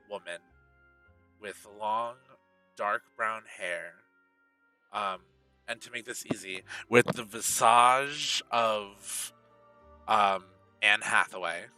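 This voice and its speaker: Bright-voiced male game master. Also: fairly low pitch, far from the mic. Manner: descriptive, many fillers. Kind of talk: narrating a tabletop game.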